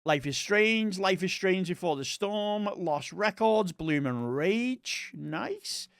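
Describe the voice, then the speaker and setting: Young East Scottish male streamer, rambling casual chat, smooth resonant voice. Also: sits high, lively intonation, takes it slowly, fairly bright tone, no room sound, clean studio sound. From Scotland. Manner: chatty and rambling, talks to chat viewers.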